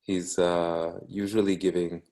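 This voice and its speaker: A man from Canada with a Canadian English accent, reading a book aloud slowly for English learners, with ums and self-corrections. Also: sits low, flat delivery, mellow. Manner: slow, unhurried, with frequent ums and self-corrections. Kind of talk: casual read-aloud lesson for English learners.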